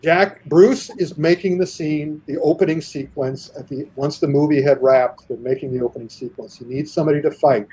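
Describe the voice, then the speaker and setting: Male podcast guest, animated storyteller who acts out quotes; mellow, husky timbre. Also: fairly high pitch, normal speed, few pauses, rough recording. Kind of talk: casual podcast anecdote.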